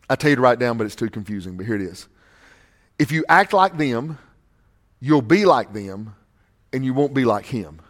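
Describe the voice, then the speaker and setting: A man preaching a sermon as pastor, swinging from loud, emphatic lines to hushed ones. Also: mid-range voice, expressive, normal speed, pauses often.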